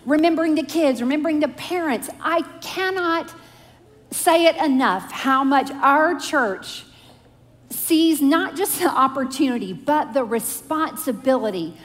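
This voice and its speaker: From the pulpit of a church sanctuary, a middle-aged woman with a high, animated voice speaks unhurriedly to her congregation. She's chatty, playful, and self-mocking as she prays and tells family stories, and the sound is big and roomy.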